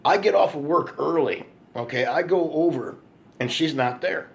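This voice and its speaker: A man's voice: on the high side, animated, moderate pace, vocal fry. A man telling an angry, profane story to camera in a ranting monologue, repeating himself for emphasis. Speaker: vlogger.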